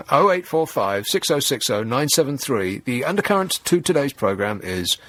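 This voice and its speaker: A man's voice: mid-range voice, sing-song, moderate pace, fairly bright tone. Sarcastic male radio talk host. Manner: mocking, sarcastic, chuckles at his own jokes. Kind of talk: sardonic talk radio monologue. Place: radio studio.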